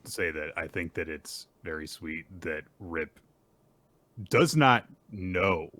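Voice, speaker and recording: A man co-hosting a podcast, giving relaxed, casual commentary on a manga chapter. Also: deep voice, slow. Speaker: podcast co-host. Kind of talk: casual manga recap chat.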